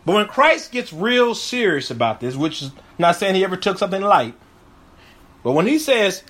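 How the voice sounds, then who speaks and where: A man's voice: sits high, big pitch swings, normal speed, fairly bright tone. A man, a pastor, teaching a Bible passage in a video sermon, earnest and emphatic, often repeating his key phrases.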